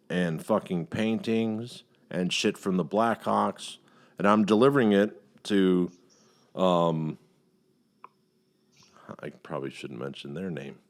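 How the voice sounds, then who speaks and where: A middle-aged man hosting a casual podcast chat, telling a long story with heavy profanity and animated outbursts. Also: lowish voice. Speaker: podcast host.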